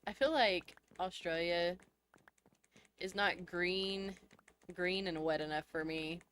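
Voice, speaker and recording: Taking it slowly in a fairly bright voice on the low side, a woman streams a game live and chats with her viewers. She's chatty and giggly, answering chat and laughing often, with a little hiss or hum audible.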